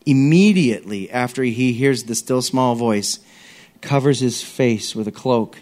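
A male pastor preaching a lively, conversational sermon, dropping to soft tones and acting out voices. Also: mid-range voice, a little slow. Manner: conversational, acts out voices, varies loudness.

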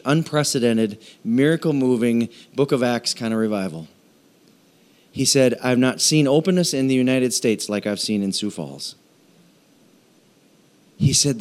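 Man preaching with lively storytelling. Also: medium pitch. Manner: storytelling with animated quoted voices; halting, with fillers and restarts. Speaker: pastor. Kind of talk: sermon.

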